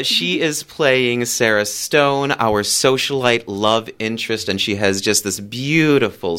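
Picture a man in a radio interview, promoting his theater season with plenty of eager energy. His voice leaps up and down in pitch as he gets excited, with the odd filler and restart. He sounds like a musical theater director talking about his shows. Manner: enthusiastic, animated, big pitch swings.

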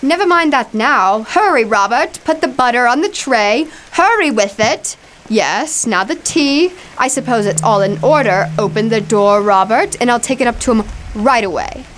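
A woman's voice: on the high side, lively intonation, moderate pace, fairly bright tone, a little hiss or hum. An actress playing a timid, eager-to-please landlady in a radio drama, meek and deferential, calling her lodger sir. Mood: bustling. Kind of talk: 1940s radio acting.

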